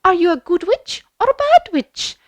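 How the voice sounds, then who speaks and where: Brief: a woman playing a gentle fairy-tale good witch, lilting and sweet, dry close sound. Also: very high-pitched, sing-song, normal speed, no room sound, voice pushed up.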